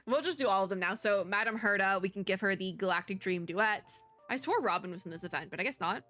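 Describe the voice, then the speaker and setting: A young adult woman doing let's play commentary, laughing often and reading the game text aloud between quick asides. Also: mid-range voice, pushed and bright, faint music behind. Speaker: gaming content creator.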